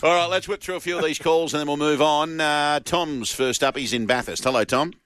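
A man's voice: fairly high pitch, brisk, fairly bright tone, clean tone, no echo, clean studio sound. A man hosting a casual radio show, teasing his co-hosts. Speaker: radio host.

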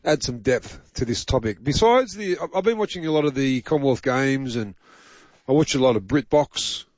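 A man's voice: mid-range voice, animated, normal speed, a little mellow, dry recording. A man co-hosting a radio show, bantering in an enthusiastic, playful way. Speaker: radio co-host. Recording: dry, slightly dull studio sound.

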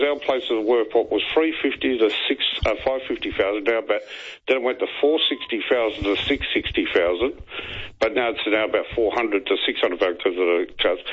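A man's voice: fairly low pitch, breathy edge. A man calling in to a talkback radio show, rambling and tripping over repeated words. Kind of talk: phoned-in radio chat. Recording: tinny phone line.

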